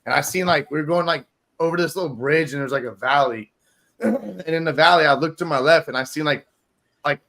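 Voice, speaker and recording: A man's voice: on the high side, brisk, creaky, a bit bright. A man telling crude hunting stories in a casual chat, swearing freely and laughing often. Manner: crude, profane storyteller who laughs often.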